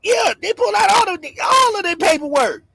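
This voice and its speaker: A man hosting a livestream, ranting loudly and excitably, swinging between shouts and mutters and laughing often. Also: extremely high pitch, a little fast, gravelly, dry recording, rough recording. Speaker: livestream host. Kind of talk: animated livestream rant.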